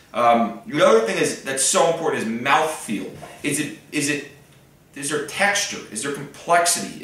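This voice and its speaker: An enthusiastic man talks through wine tasting in a loose, chatty way, with a bright, forceful tone. He sits back from the mic in a very echoey room. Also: mid-range voice, distant mic. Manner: enthusiastic, chatty, filler-heavy. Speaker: wine host. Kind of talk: casual wine-tasting tutorial. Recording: roomy echo, off-mic.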